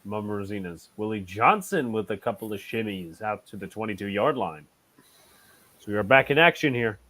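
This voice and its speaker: A man's voice: on the low side, fairly quick. A man hosting a casual livestream, joking with friends between play-by-play calls on a football game. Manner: joking, relaxed. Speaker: host and play-by-play caller.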